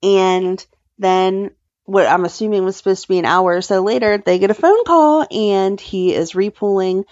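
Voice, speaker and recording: A podcast co-host with a mid-range voice recaps a soap opera in casual conversation, speaking at a moderate pace. She's animated and acts out the characters' lines as she retells scenes, and the audio is dull, with no room sound.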